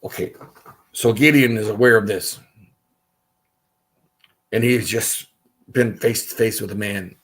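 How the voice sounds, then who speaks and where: A man's voice: on the low side, steady tone, unhurried, long pauses, slightly rough. A man hosting a casual livestream Bible study, reading scripture aloud and stopping for chatty asides.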